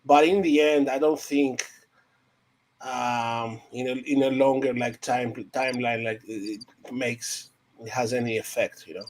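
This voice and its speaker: A man's voice: mid-range voice, steady tone, a little slow, a little hiss or hum. A man on a casual panel chat, speaking hesitantly with many fillers and a voice that trails off.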